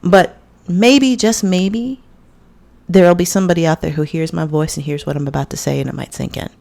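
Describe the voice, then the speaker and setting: A woman's voice: lowish voice, steady tone, moderate pace, vocal fry, a little mellow. A woman hosting a podcast, telling a story in a blunt, profane, conversational way. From United States. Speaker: podcast host. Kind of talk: casual monologue.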